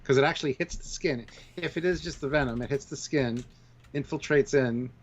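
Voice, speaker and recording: A man's voice: mid-range voice, fairly quick. A man co-hosting a live review stream, reading out donations in an upbeat way and explaining points. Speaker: co-host reading super chats. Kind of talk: casual live-stream discussion. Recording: slightly dull lo-fi audio.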